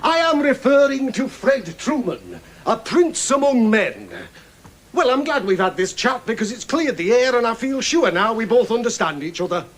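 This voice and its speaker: Picture a blunt, bombastic Yorkshire tycoon in a TV sitcom. He talks high and lively, swinging his pitch as he boasts. His manner is plain-spoken and pompous. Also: normal speed, heavily acted. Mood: blustering. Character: blunt boastful self-made millionaire knight. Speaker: hospital benefactor. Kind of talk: 1980s sitcom acting.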